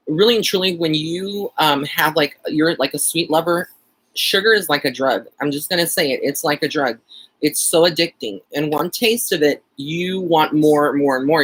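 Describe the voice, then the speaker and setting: A man's voice: fairly high pitch, a bit bright. A man with a Texan accent hosting a casual live-stream chat, rambling along with plenty of fillers and easy laughs. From Texas. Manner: chatty and rambling, frequent fillers and light laughter.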